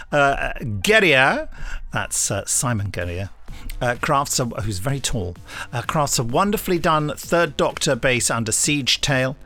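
A man's voice: medium pitch, pushed and bright. A man co-hosting a podcast with playful banter and joking asides, reading and rating reviews. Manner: playful, joking asides, puts on silly accents. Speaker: podcast co-host. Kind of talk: casual banter.

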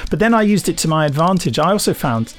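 A man's voice: a little high, lively intonation, quick pace. A man from England hosting a podcast in casual chat, rambling and self-mocking with lots of fillers. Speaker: podcast host.

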